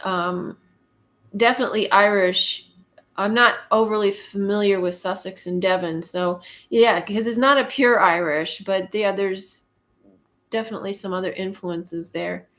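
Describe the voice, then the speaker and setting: Canadian woman, live-stream host, casual chat, slow delivery, mid pitch, lots of ums. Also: fairly even intonation, a bit bright. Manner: unhurried and conversational, with frequent ums and light laughs.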